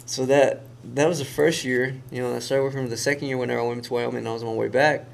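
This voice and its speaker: Gravelly-voiced man telling a lively story. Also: medium pitch, racing. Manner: animated storyteller who acts out quoted voices. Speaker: guest. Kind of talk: casual storytelling.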